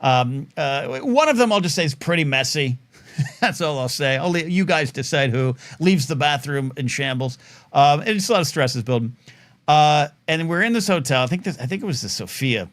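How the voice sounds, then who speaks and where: Here a middle-aged man with a fairly high voice and moderate pace hosts a live talk show. His casual storytelling monologue is long and rambling, stuffed with fillers and restarts, and he animatedly voices the characters he quotes.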